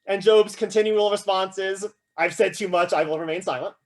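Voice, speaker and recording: Man, philosophy lecturer, high voice, casual classroom talk, animated, playful quoting. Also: normal speed. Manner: casual, animated, frequent "right?" and "like"; acts out quoted voices with humor.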